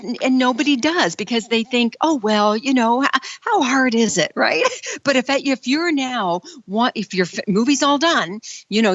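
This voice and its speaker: A middle-aged woman telling stories with lively energy, acting out quoted voices as she goes. Her voice comes through slightly dull and lo-fi, with a dry sound and no room echo. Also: a little high. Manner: animated storyteller, acts out quotes. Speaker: guest film producer. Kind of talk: conversational interview.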